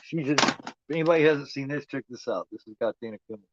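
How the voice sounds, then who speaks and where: A man's voice: medium pitch, quick pace, highs cut off, heavy background noise. A man giving casual, profane commentary while watching a movie, talking back at the screen.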